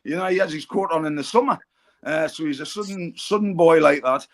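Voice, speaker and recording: A middle-aged man with a Geordie accent spins rambling football anecdotes in casual podcast chat. His voice sits a little high, and he keeps looping back through "um" and "you know" as he goes. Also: fairly quick. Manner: rambling anecdotal storyteller, frequent fillers and restarts. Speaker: pundit on a football fan podcast.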